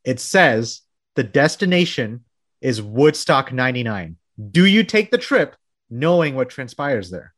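Texan male host, chatty, quick laughs, casual interview read. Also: medium pitch, sing-song, fairly bright tone, no echo, studio quality. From Texas. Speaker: podcast host. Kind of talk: casual interview, lightning-round questions.

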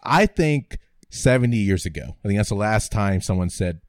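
A low-pitched man with a lively, swooping delivery, chatting casually as a podcast co-host. He rambles and laughs often, recorded close and dry with no room sound. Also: normal speed, no room sound. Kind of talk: casual chat.

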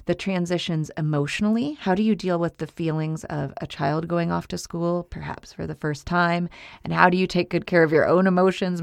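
Forties woman podcast host, low gravelly voice, thoughtful steady talk, dry mic. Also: no echo. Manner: steady, reflective, explains in long runs. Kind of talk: casual podcast chat.

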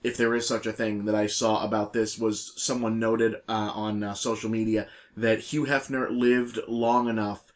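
A man's voice: lowish voice, level tone, moderate pace, hardly any pauses. A man co-hosting a podcast in casual chat, easygoing and often repeating words as he talks. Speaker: podcast co-host.

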